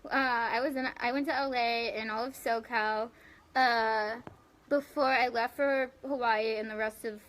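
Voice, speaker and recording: A young woman hosts a casual live stream, reading viewer comments and answering people by name while giggling. Her voice is fairly high and a bit bright, with fairly even intonation and an unhurried pace. She chats loosely and rambles, using plenty of fillers.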